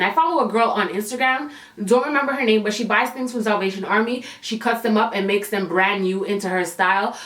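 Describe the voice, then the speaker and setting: A sassy woman vlogger tells her story in an animated, slangy way. Her voice sits high and sounds bright and sharp, and it bounces around an echoey room. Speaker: YouTuber. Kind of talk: storytime vlog.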